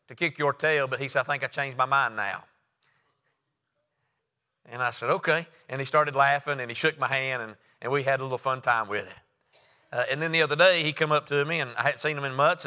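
Bright, emphatic preacher man in a hall. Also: medium pitch. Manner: folksy storytelling with loud emphatic rises. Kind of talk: sermon.

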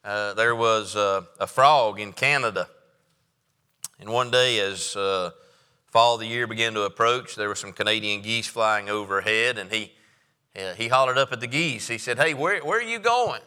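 A man's voice: fairly low pitch, fairly even intonation, moderate pace, sharp tone, clean tone. A man preaching a sermon as pastor, in a folksy, joking manner with frequent fillers. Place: church sanctuary. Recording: reverberant church sanctuary.

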